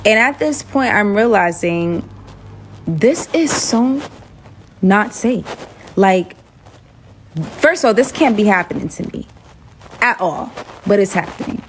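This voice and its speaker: A young woman telling a dramatic personal story in a chatty, animated way, full of asides. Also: mid-range voice, slow, long pauses, a little hiss or hum. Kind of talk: casual storytime monologue.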